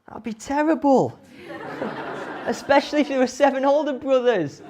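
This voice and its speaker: A woman telling a Bible story to children in an animated way, often asking them questions. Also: high voice, moderate pace. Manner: animated, asks the audience questions.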